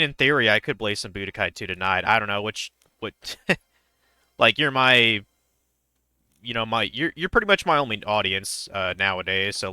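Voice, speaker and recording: A man's voice: on the low side, sharp tone, smooth, dry recording, studio quality. A young man streaming a game, chatting casually in a rambling, hesitant way with many fillers. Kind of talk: casual chat while gaming.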